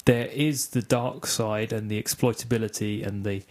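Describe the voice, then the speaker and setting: A man's voice: fairly low pitch, fairly even intonation, moderate pace, darkish tone. A man on a tech podcast panel, talking in a rambling, reflective way. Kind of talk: casual tech discussion.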